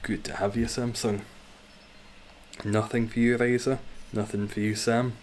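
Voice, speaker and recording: A man's voice: fairly low pitch, level tone, measured pace, darkish tone, slight background noise. A man streaming a game live, chatting casually with viewers, reacting and swearing freely.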